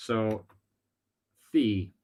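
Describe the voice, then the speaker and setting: A man's voice: fairly low pitch, very slow, a little mellow. A man with a Scottish accent giving live-streamed psychic readings, chatty and thinking aloud with teasing asides. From Scotland. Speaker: spiritual medium.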